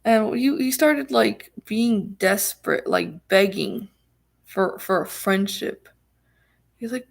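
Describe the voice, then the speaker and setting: Gravelly, fry-heavy woman rambling to camera. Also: medium pitch, takes it slowly. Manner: rambling, many fillers, emphatic repetition. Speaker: vlogger. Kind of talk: casual storytelling to camera.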